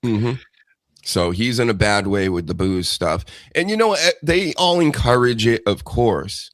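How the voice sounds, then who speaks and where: A man's voice: mid-range voice, animated, a little slow, no echo. A man hosting a casual chat show, talking in a loose, profane, rambling way. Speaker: podcast host.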